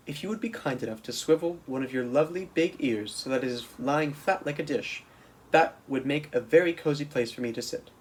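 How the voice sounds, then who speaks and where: A man voicing a small, polite, brave young girl who speaks softly and often whispers. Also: medium pitch, brisk, slightly rough, lightly acted. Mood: earnest.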